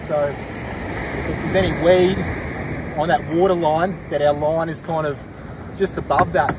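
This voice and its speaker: Laid-back Australian guy, fairly high voice. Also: noisy background. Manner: laid-back, rambling, slangy. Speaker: fishing vlogger. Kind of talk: casual vlog narration.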